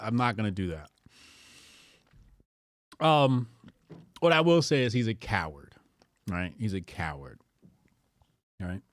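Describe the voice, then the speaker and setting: A man's voice: mid-range voice, a bit bright, no room sound. A man streaming casual reaction commentary who laughs often, speaks bluntly and profanely, and talks to his chat.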